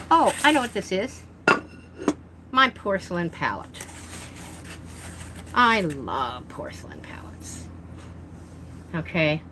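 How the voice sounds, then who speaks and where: A woman's voice: deep voice, very noisy. A woman vlogging as she unboxes art supplies, chatting and rambling with self-deprecating asides. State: talking with mouth full. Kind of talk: casual unboxing chat.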